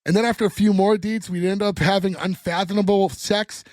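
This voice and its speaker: A man with a fairly high voice and a casual, lively way of talking, recapping a television episode for his co-hosts. He acts out the characters' lines as he goes, and the sound is dry and close to the mic. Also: brisk, dry recording. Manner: animated retelling, acting out dialogue. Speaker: podcast co-host recapping a sitcom episode. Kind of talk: casual chat.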